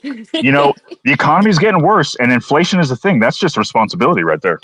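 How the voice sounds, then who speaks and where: A man's voice: fairly high pitch, sing-song, fast talker, a crowd in the background. A man casually telling a crude, funny story, swearing constantly and acting out what people said. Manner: crude, swears constantly, acts out quotes with voices.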